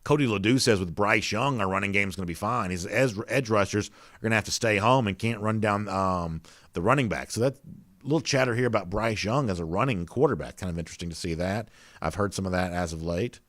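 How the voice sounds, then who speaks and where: A man's voice: on the low side, fairly quick, fairly bright tone, no room sound. A man hosting a casual sports talk show, chatting loosely with plenty of "you know" fillers and reading out viewer comments.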